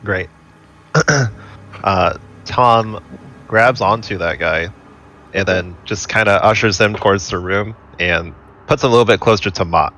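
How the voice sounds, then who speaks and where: A man's voice: lowish voice, unhurried, sharp tone, faint music behind. A man playing a tabletop game, declaring his character's moves casually with fillers and laughs. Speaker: player.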